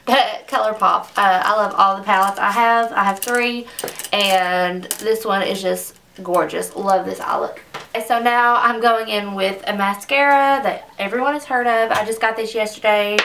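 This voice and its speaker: A woman's voice: mid-range voice, fairly even intonation, normal speed, gravelly, a bit bright, distant mic, a little hiss or hum. A young woman reviewing makeup in a casual, gushing way, often saying "like," in a makeup room at home. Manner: chatty, gushing, says "like" often. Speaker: beauty vlogger.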